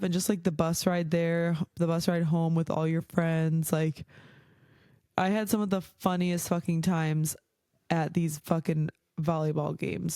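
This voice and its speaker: A woman's voice: fairly low pitch, warm tone, clean tone, dry recording, clean studio sound. A young adult woman hosting a podcast, telling stories casually, swearing freely and leaning on "like" as she talks. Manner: chatty, swears freely, heavy use of "like". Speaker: podcast host. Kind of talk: casual storytelling.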